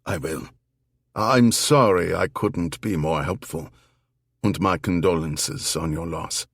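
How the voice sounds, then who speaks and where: A man's voice: deep voice, slow, gravelly, a bit bright, slightly rough, dry recording, studio quality, full character voice. A man voicing a polite, sympathetic German shopkeeper in an audiobook, hesitant and apologetic.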